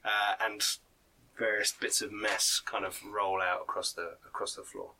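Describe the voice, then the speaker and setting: Guy game-mastering a tabletop game, bright voice, gory descriptions, lots of likes and uhs. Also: fairly low pitch, level tone, unhurried, a little hiss or hum. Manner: vivid, gory play-by-play with laughs and filler.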